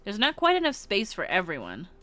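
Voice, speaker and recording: A woman streamer reads a visual novel aloud in a casual, giggly way. Her voice is bright and forward, with soft game music under it. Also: mid-range voice, wildly swooping pitch, brisk.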